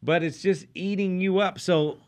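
A man co-hosting a faith talk show as pastor, calmly explaining the lesson in everyday examples. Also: high voice, moderate pace. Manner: calm, explanatory, draws out lessons. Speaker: pastor, co-host.

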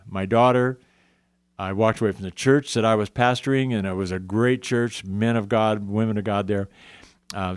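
A man's voice: on the low side, no echo, clean studio sound. A man earnestly telling his Christian testimony in a conversation, often quoting scripture. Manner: earnest, emotional, quotes scripture. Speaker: guest sharing testimony.

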